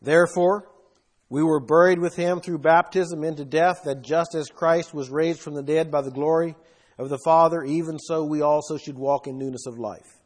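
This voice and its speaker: Emphatic high-voiced preacher. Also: male voice, fairly even intonation, normal speed. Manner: emphatic, swinging between loud bursts and quiet asides. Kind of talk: sermon.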